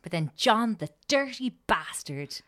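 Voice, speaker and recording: A woman's voice: mid-range voice, big pitch swings, measured pace, a bit bright. A woman co-hosting a podcast, telling a story in casual, sweary chat and laughing often.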